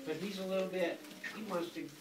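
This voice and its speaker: An older grandfather reading a picture book aloud to a school class in a playful, animated way, stopping often to quiz the children. He is recorded from across an echoey classroom full of kids. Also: high-pitched, fairly quick, distant mic, background noise. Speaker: guest reader, grandfather.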